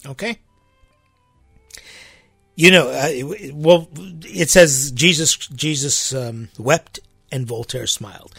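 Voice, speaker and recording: Guy with a gravelly husky voice talking through bible stuff, chatty and emphatic, dry close mic, soft music underneath. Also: medium pitch, no room sound. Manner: conversational, emphatic, with frequent restarts and asides. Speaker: Christian podcast host. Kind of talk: spoken teaching on Scripture.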